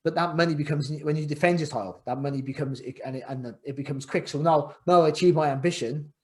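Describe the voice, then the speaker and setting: Middle-aged man, podcast guest, rambling and reflective, voice a touch high. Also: quick pace, darkish tone. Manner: rambling, repeats words and restarts often, reflective. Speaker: guest, former world champion boxer. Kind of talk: candid podcast interview.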